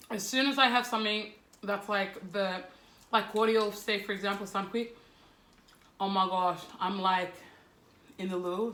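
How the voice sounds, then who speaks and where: A Fijian woman in casual chat over a meal, playful and teasing, with quick comments. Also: medium pitch, pushed and bright. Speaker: co-host. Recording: echoey room with faint noise.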